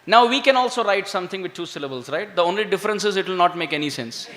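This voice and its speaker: A man giving an animated devotional talk, drawing the audience into call and response. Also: high-pitched, fast talker, background noise. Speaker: devotional speaker. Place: temple hall. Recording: echoey hall.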